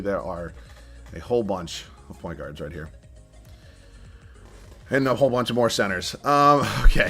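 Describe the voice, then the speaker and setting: A man's voice: medium pitch, fairly bright tone. Young male streamer, casual live commentary, chatty and laughing, faint music under it. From southern Massachusetts. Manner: chatty, thinks aloud, laughs often, reads viewer chat.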